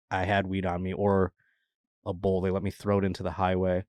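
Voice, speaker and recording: A man, a comedian guest on a podcast, telling rambling, animated anecdotes in casual chat and laughing at himself. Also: sits low, moderate pace, no room sound, clean studio sound.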